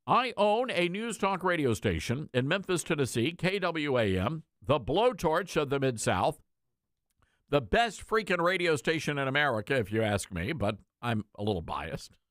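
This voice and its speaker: A man's voice: on the high side, very animated, normal speed, a bit bright, dry recording, clean studio sound. A man hosting an opinionated talk radio monologue, joking and folksy as he addresses his listeners. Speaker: talk radio host and station owner.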